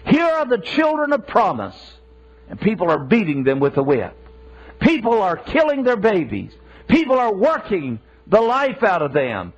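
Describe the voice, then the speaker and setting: A man's voice: high voice, huge pitch swings, moderate pace, muffled recording. A man preaching a sermon, emphatic and repetitive, asking rhetorical questions and stumbling into restarts.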